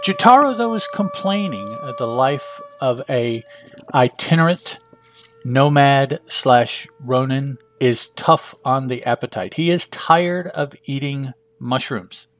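A man's voice: medium pitch, animated, takes it slowly. A man casually narrating a comic book page by page, chatty and full of asides. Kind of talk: casual comic read-through.

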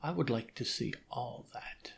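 A man reading out the lines of a gentle young village woman, softly and without much change from his own voice. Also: medium pitch, measured pace, creaky, a little hiss or hum. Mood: wistful.

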